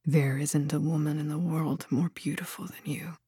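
A woman voicing a brooding young male lover in a storybook, speaking in a low hushed whisper. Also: flat delivery, moderate pace, vocal fry, slightly rough, dry recording, studio quality. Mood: tender.

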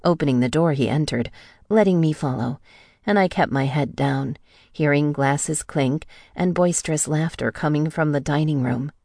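A woman narrating a novel in the first person, with a steady storytelling read into a close mic. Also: low-pitched, gravelly, no room sound. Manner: even storytelling read, lightly acting out the heroine's lines. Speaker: audiobook narrator.

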